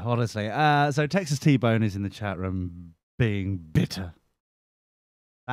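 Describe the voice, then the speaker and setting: A man's voice: fairly low pitch, lively intonation, takes it slowly, no echo, studio quality. A man hosting a podcast, giving sarcastic, exasperated commentary over a news clip. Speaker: podcast host.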